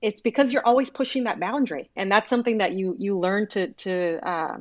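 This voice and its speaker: A woman's voice: medium pitch, fairly quick, dry recording. Brazilian woman professor on a dull mic. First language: Portuguese. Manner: earnest, lots of restarts and little laughs. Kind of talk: podcast interview.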